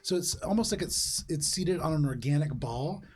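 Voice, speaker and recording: A man's voice: a little high, lively intonation, moderate pace. Casual man narrating as game master. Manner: casual, descriptive, with frequent fillers.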